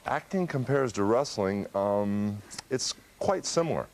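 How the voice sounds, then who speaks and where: A man with a deep, gravelly voice, a laid-back and jokey celebrity guest in a TV studio. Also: lively intonation, measured pace, darkish tone, slight background noise. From USA.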